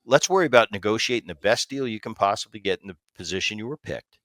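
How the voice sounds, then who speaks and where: A man hosts a casual podcast and tells long stories, stopping and restarting often. His voice sits low but sounds bright and forceful. The sound is dry and close. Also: animated, no room sound. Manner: storytelling, halting restarts. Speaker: podcast host.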